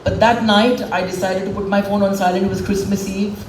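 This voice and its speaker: A woman's voice: mid-range voice, little pitch movement, brisk, a little mellow. Woman speaker, 40s, frank and heartfelt, echoey hall, far mic, faint room noise. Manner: candid, frank and emotional. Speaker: speaker at a public event. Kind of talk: emotional personal speech. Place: event hall with a stage.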